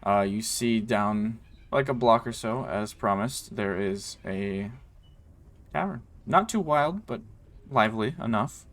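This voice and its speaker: A man's voice: on the low side, lively intonation, slow, fairly bright tone. A man running a tabletop game as game master, narrating in a loose, rambling way full of ums and likes.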